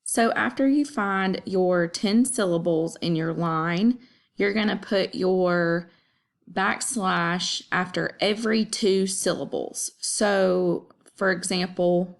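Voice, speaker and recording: Woman teacher, low-pitched, unhurried, breaks each line into beats. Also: creaky. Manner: slow, deliberate, counting out syllables. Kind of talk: classroom explanation.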